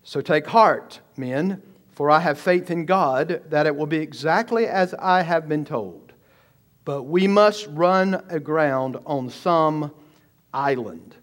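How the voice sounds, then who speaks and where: A man preaching an expository sermon, emphatic and full of rhetorical questions, slowing down and speeding up. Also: on the high side. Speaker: pastor.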